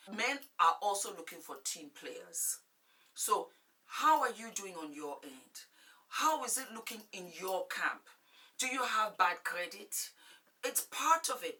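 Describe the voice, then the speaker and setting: Blunt forties lady vlogging advice, super bright sharp voice, kinda far from the mic. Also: mid-range voice. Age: 40s. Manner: emphatic, blunt, preachy. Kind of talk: frank relationship advice to camera.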